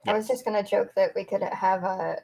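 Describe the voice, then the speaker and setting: Female tabletop player, gravelly, hesitant joker, crowd noise in background. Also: medium pitch, fairly even intonation, brisk, rough recording. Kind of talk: playing a tabletop game.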